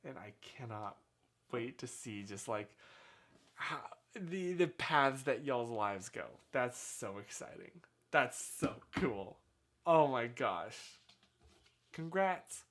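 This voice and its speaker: Speaking at a slow pace in a medium-pitched voice, a male livestream host chats from a small home room, animated and full of effusive congratulations for viewers. His desk mic is sometimes turned away.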